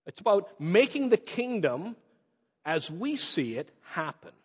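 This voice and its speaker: A man preaching a sermon with animated delivery, slowing down for emphatic phrases and speeding through quick asides. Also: high voice, husky. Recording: muffled sound in a reverberant hall.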